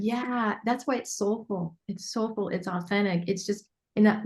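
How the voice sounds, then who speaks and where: A woman, a business mentor coaching a group on a call, earnest and animated, acting out bits of dialogue. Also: mid-range voice, normal speed, hardly any pauses.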